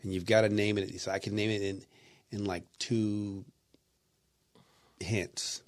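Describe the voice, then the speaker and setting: A man's voice: lowish voice, flat delivery, a little slow. A man co-hosting a podcast in casual, profane banter, sounding tired and rambling. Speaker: podcast co-host.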